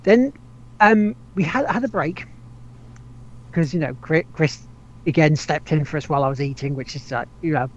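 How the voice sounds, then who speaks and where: Guy rambling on a gaming podcast, laughs a lot, swears, slightly high voice, dull lo-fi sound. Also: normal speed, long pauses, slight background noise. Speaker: podcast host. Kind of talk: casual gaming chat. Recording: dull lo-fi audio.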